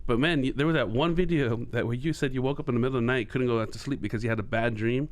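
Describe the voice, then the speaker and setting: A man hosting a podcast, asking questions in a halting way with many restarts. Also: mid-range voice. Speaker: podcast host. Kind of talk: casual chat.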